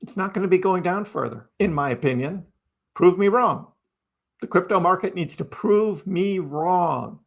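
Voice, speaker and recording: An unhurried male voice that sits high belongs to the host of a casual crypto stream. He rambles in a chatty, repetitive way, sprinkles in "right?" often, and talks back to his chat.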